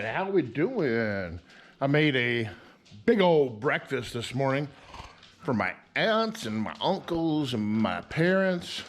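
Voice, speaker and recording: A man vlogging casually, switching to a high sing-song voice for his dog and talking easily to the camera. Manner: relaxed, easygoing narration. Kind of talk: casual vlog chat. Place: at home with a dog.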